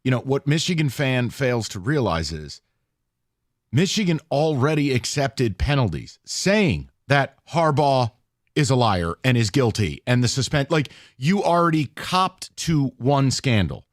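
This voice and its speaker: A man's voice: medium pitch, sing-song, a little slow, dry recording. A male sports talk radio host ribs his co-host with blunt, sarcastic jabs. His voice sits in an ordinary middle range. The studio sound is dry and close. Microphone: studio mic.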